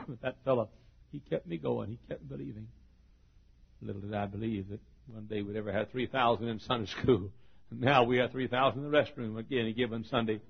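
A middle-aged pastor preaching a sermon, moving from quiet storytelling to loud, shouted preaching. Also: male voice, medium pitch, creaky, husky. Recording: dull lo-fi sermon recording.

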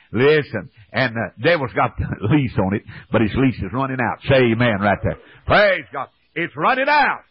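A man's voice: medium pitch, breathy edge, dry recording. A man preaching a fervent revival sermon, calling for amens in folksy speech. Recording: dull old radio broadcast.

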